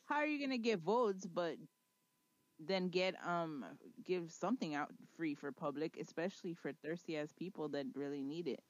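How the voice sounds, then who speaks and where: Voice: medium pitch, normal speed, no echo, highs cut off. A podcast co-host in a casual chat who teases the host and laughs often.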